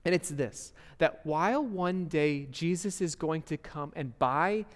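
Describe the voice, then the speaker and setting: A young man preaches in a church, his slightly high voice carried by a long hall reverb. He talks earnestly and conversationally, with rhetorical questions and quick restarts. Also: lively intonation. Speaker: pastor. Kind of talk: sermon. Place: church sanctuary.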